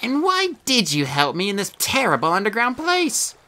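A man voicing a stern female fairy police officer who speaks in a flat, clipped, formal way. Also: high-pitched, moderate pace, pitched above the performer's own voice, heavily acted.

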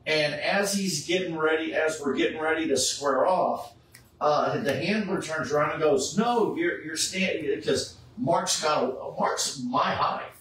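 Heard from far off in an echoey space with faint background noise, a middle-aged man who does charity Superman cosplay chats casually. His voice is a little high and a little slow, and he animatedly acts out the people in his story.

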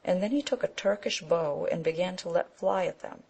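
A woman narrating an audiobook of an old romance in a steady, measured reading. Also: lowish voice, gravelly, breathy edge, rough recording. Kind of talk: scripted narration.

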